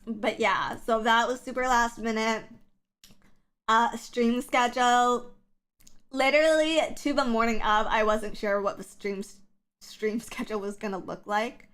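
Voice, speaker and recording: A woman's voice: a little high, fairly bright tone. Scratchy-voiced woman rambling on stream. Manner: rambling, filler-heavy chatter. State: scratchy morning voice. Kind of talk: casual livestream chat.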